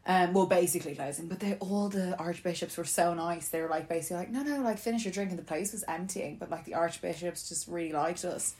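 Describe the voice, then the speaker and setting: Young woman, lowish pitch, lively gossipy storyteller who slips into quoted voices. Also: quick pace, hardly any pauses. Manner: chatty and animated, laughs often, acts out quotes. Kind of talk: casual storytelling chat.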